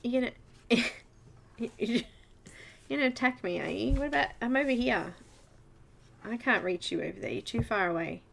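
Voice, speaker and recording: A woman's voice: a little high, expressive, moderate pace, creaky, pauses often, fairly bright tone. A woman with an Australian accent hosting a casual live coloring stream, chatty and giggly, greeting viewers one by one by name.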